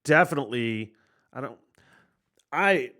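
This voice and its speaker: A man hosting a podcast, reacting casually to a punk album, excitable and swearing often. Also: medium pitch, unhurried. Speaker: podcast host reviewing an album.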